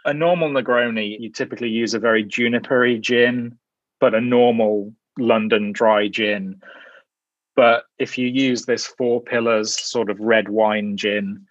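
A man's voice: mid-range voice, steady tone, a little slow, no echo. A thoughtful man chats casually as an interview guest, musing through his answers. His voice sits in the middle range. The recording is dry and a little dull. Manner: thoughtful, musing, with frequent "sort of" hedges. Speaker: guest, journal editor.

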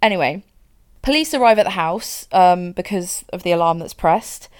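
A woman recounts a crime case to a friend on a podcast. Her voice is smooth and clear, her delivery chatty and loose, full of "like" and "so". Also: fairly low pitch, lively intonation, moderate pace. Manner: chatty, frequent "like" and "so", laughs easily. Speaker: podcast co-host. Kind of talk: casual true-crime storytelling.

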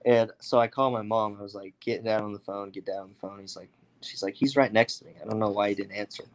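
A young man from the United States telling a story casually, animated, with many fillers and acted-out quotes. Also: fairly low pitch, fast. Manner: animated, acts out others' voices, many fillers. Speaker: guest storyteller.

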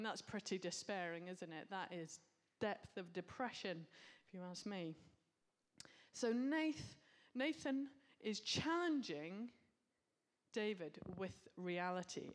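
A woman's voice: mid-range voice, a little slow. A woman preaching a sermon, earnest and reflective, with casual asides.

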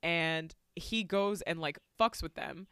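A woman podcast co-host recapping a movie in a casual, profane, animated storytelling style. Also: fairly low pitch, slow pace, clear, resonant tone, no echo, studio quality.

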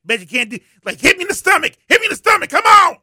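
A man putting on a boastful old male politician who shouts and brags about his toughness. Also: extremely high pitch, big pitch swings, rapid-fire, no room sound, clean studio sound, pitched above the performer's own voice, exaggerated voice. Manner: shouting, blustering, macho.

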